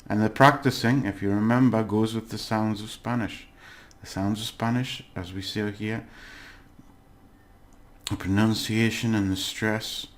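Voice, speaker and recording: Low-voiced man teaching a casual lesson. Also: fairly even intonation, slight background noise. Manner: patient, often checking in with "okay?" and pausing with "uh". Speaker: language teacher. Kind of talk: casual recorded lesson recap.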